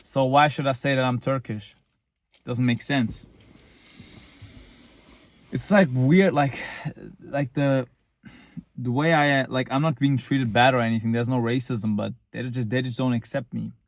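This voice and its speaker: A man's voice: medium pitch, steady tone, unhurried, long pauses. A young man from Germany talking casually to camera in an earnest, rambling way, with many fillers and restarts. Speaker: vlogger.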